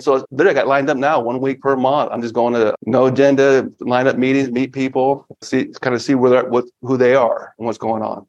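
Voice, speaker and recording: A man in his fifties, a guest on a business podcast, talking casually and with energy, often breaking into excited quoted asides. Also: medium pitch, brisk, hardly any pauses. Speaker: podcast guest, finance firm founder. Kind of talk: casual interview talk. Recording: slightly dull lo-fi audio.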